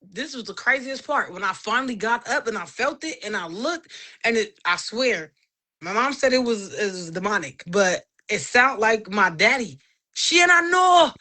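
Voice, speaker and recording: Bright-voiced woman telling a lively story. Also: mid-range voice, normal speed. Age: 30s. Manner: animated, acts out quoted voices, religious. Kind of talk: casual testimony storytelling.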